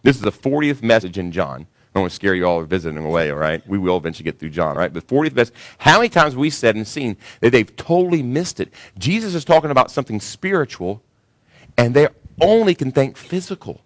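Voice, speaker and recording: A man preaching a sermon as pastor to his congregation, building up with animated emphasis and questions. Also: quick pace, no room sound, studio quality. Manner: animated preaching that rises high when voicing others.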